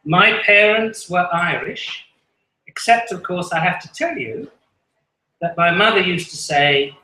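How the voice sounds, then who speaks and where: A man's voice: high-pitched, lively intonation, a little slow, pushed and bright. A man with an English accent doing self-deprecating stand-up comedy at an open mic, chuckling at his own jokes. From England. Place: small live venue. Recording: echoey room.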